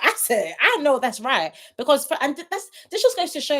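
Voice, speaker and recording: A woman's voice: sits high, sing-song, fairly quick, few pauses, fairly bright tone. A woman hosting a livestream review in casual chat, laughing often and talking straight to her viewers.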